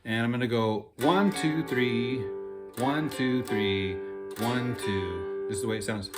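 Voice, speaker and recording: Guitar builder, male, mid pitch, folksy and upbeat, guitar heard behind him. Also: slow. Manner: relaxed, folksy, enthusiastic. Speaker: cigar box guitar builder. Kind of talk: casual workshop demo. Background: guitar playing.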